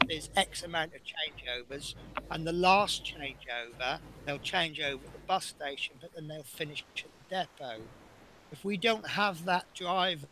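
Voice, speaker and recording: A middle-aged man talks in an easy, rambling way, spinning anecdotes about work and chuckling along as he goes. His voice sits a little high and sounds bright and edgy, with a faint hiss underneath. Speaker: bus driver and streamer. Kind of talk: casual chat while building a model.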